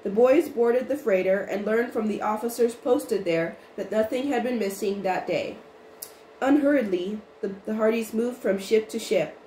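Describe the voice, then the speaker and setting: A woman narrating a storybook chapter in an even, unhurried reading voice with small restarts. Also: a little high. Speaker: audiobook reader. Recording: roomy with faint noise.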